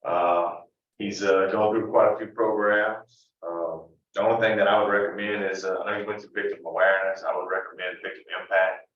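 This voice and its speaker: A man's voice: deep voice, little pitch movement, fairly quick. A man speaking as a prison warden, giving a brief report at a hearing in a plain, hesitant way full of fillers. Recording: distant, echoey, dull remote feed.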